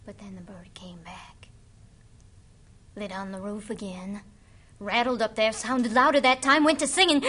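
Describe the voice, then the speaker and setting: A woman's voice: mid-range voice, steady tone, unhurried, long pauses, a bit bright. A woman telling a folk tale dramatically, dropping to whispers for suspense. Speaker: storyteller.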